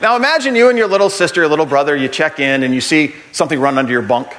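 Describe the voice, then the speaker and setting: Brief: man, Catholic speaker, jokey storyteller turning earnest, voice a bit high. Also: very fast, a little hiss or hum. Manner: animated storyteller, jokey asides, builds to earnest points. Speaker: Catholic speaker giving a talk on the Eucharist. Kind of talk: humorous teaching talk to a group.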